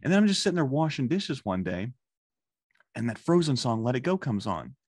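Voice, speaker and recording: A man in his thirties hosting a podcast, telling stories in a casual, profane, animated way. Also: medium pitch, brisk, breathy edge, no echo. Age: 30s. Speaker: podcast host. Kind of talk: casual chat.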